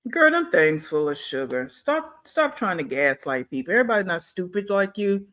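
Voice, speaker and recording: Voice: medium pitch, very animated, moderate pace, a bit bright. A reaction channel host giving blunt, scolding commentary and talking back at a clip.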